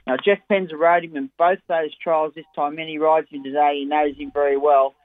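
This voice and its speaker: An Australian man with a fairly high voice runs through his racing picks in a chatty, keen way. His voice comes down a thin, tinny phone line. The sound is dry and close. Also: little pitch movement, fairly quick, no echo. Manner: chatty, enthusiastic form analysis. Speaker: racing tipster. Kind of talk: radio racing tips.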